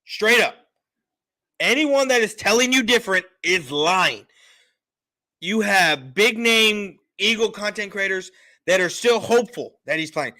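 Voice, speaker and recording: Sports host, man; high, bright voice, loud and emphatic, a bit tipsy. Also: animated, measured pace. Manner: loud, emphatic, repetitive insistence. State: been drinking a little. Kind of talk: heated sports opinion talk.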